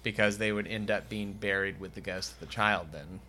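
Bright-voiced joking podcast man. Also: fairly even intonation, brisk, a little hiss or hum. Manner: jokey, bursts into loud high mocking voices. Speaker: podcast co-host. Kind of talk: casual podcast banter.

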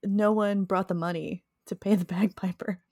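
A woman's voice: medium pitch, fairly even intonation, normal speed, darkish tone, no echo, clean studio sound. A young woman co-hosting a podcast, telling stories in a chatty way and laughing often. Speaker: podcast co-host. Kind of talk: casual chat.

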